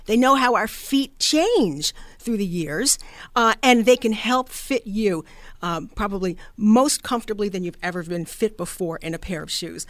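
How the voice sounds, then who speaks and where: A woman's voice: mid-range voice, normal speed, no echo. A woman radio host, chatting enthusiastically through an ad read. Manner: enthusiastic, conversational.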